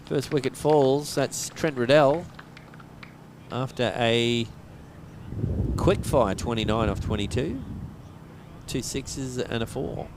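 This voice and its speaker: A man's voice: medium pitch, takes it slowly, pauses often. Male commentator, casual and jokey, noisy outdoor feed. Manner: jokey, chatty, laughs often. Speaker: cricket commentator. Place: outdoors at a cricket ground. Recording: outdoor stream with loud background noise.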